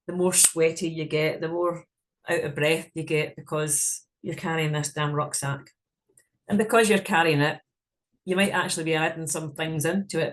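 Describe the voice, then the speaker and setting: A woman's voice: lowish voice, a little hiss or hum. A woman leading a guided visualization in a frank, casual way, swearing freely as she talks. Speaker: meditation guide.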